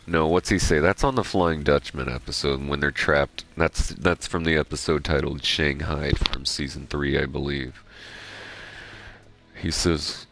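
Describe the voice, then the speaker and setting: A young man with a remarkably deep voice full of gravelly fry. He rambles through gameplay commentary, drifting into jokes and casual swearing. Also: steady tone, unhurried, fairly bright tone. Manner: digressive, joking, profane. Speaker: gaming streamer.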